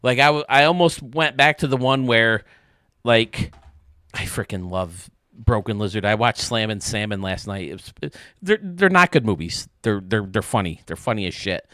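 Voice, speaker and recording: A man's voice: on the low side, expressive, normal speed, pushed and bright, dry recording, studio quality. A male streamer chatting casually with his viewers while gaming, joking and swearing freely.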